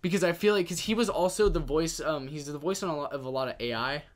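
A young man co-hosting a casual podcast, easygoing and quick to agree. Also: a little high. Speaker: co-host.

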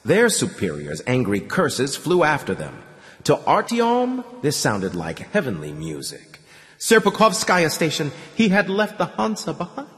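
A man narrating an audiobook with a dramatic, expressive reading. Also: on the high side, measured pace, big-room sound. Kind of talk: scripted narration.

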